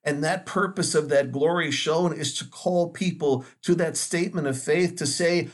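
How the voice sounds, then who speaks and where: A man speaking as a Catholic priest, giving a Sunday homily in an earnest, measured way with dramatic pauses. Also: fairly high pitch.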